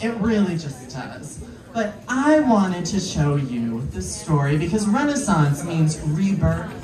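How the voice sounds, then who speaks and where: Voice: mid-range voice, distant mic. A queer performer doing a stand-up comedy set before a live audience, playful and chatty, riffing with the crowd. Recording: roomy live venue, mic from afar, crowd noise. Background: audience laughing and clapping.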